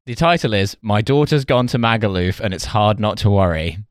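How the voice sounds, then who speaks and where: A man's voice: fairly low pitch, expressive, fairly quick, a little hiss or hum. A man co-hosting a podcast in casual chat, making dry sarcastic jokes. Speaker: podcast co-host.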